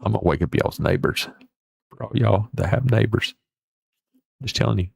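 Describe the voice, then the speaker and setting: A man's voice: fairly low pitch, normal speed, gravelly, darkish tone, husky, no room sound, clean studio sound. A man hosting a livestream, rambling in a folksy way with mild swearing as he reacts to viewer comments. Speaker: livestream host. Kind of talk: casual chat reading viewer comments.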